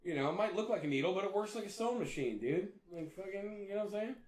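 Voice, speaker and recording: A man telling a story in casual chat, animated and profane. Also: high voice, fast talker, slight background noise. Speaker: podcast co-host. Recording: echoey room, away from mic.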